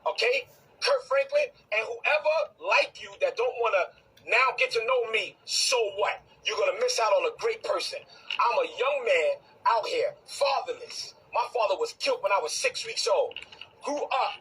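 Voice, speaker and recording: A man from Brooklyn with a very husky, raspy voice pitched high for a man, hammering at his points with a sharp, forceful edge. He delivers a confrontational rant and keeps repeating his lines for emphasis. His voice sounds distant from the microphone. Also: animated, normal speed. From Brooklyn, New York. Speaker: bishop. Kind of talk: heated direct-to-camera rant.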